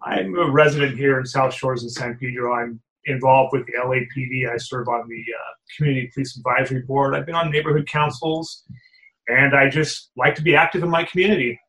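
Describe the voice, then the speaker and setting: Laid back guy on a video call podcast, mid pitch voice. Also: steady tone, fairly quick, fairly bright tone, low-quality recording. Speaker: podcast guest, community volunteer. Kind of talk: casual chat.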